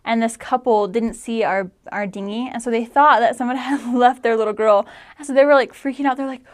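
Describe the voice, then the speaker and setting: A young woman in her twenties tells stories in a relaxed, chatty way. Her voice sits slightly high. She fills her speech with "like" and slips into animated voices when quoting others. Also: fairly quick, clean tone. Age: 20s. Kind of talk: casual storytelling.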